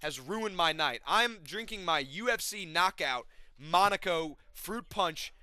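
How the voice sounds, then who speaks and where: Man host, high bright voice, agitated profane rant, fight recap from a home room. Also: expressive, a little slow, dry recording. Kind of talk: casual ranting recap.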